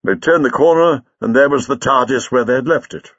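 A man narrating a story in an expressive, dramatic reading style, on a dull lo-fi recording. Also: mid-range voice, a little fast, no room sound. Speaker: audiobook reader. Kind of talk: scripted narration.

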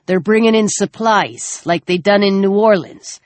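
A man's voice: sits high, moderate pace, no room sound, pitched above the performer's own voice, natural voice. A woman voicing a weary, conflicted older man who speaks in a subdued, hesitant way. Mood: uneasy.

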